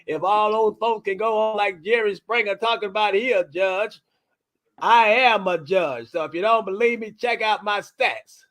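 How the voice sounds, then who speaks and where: A man guesting on a casual comedy chat, joking and boasting in quick bursts. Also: high voice, a bit bright. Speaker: guest, brother of the host.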